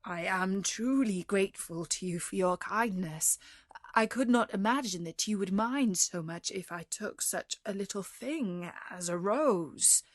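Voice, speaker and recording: A woman's voice: medium pitch, measured pace, no echo, clean studio sound, lightly acted. A woman's synthetic storytelling voice reading the lines of a frightened old merchant from a storybook, pleading for pardon. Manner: pleading, begging.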